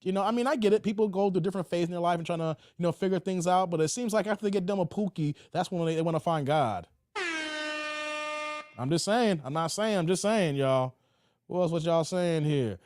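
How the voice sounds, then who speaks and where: A man's voice: sits high, a little fast, a little mellow. A man hosting a livestream, reading viewer comments aloud and reacting in laid-back slang. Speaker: livestream host.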